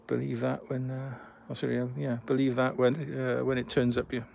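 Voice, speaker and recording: A man's voice: mid-range voice, completely flat delivery, fairly quick, vocal fry, darkish tone, a little hiss or hum. A man in his sixties chatting casually to camera as a vlogger, rambling and self-deprecating. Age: 60s.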